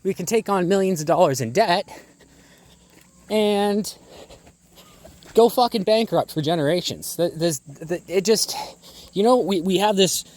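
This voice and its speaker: Out of breath and walking his farm among the birds, an Ontario poultry farmer films an angry outdoor vlog rant on a phone held one-handed, full of profanity and rhetorical questions. His voice is high with a darkish tone, and he talks at a measured pace with frequent pauses. Ducks and other fowl are faintly audible around him.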